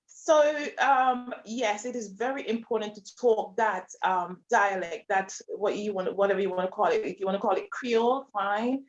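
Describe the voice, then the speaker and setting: A woman's voice: mid-range voice, moderate pace, hardly any pauses. A woman from Montserrat, speaking earnestly and emphatically as a panelist. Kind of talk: panel discussion. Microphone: video call. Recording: dull lo-fi video call audio.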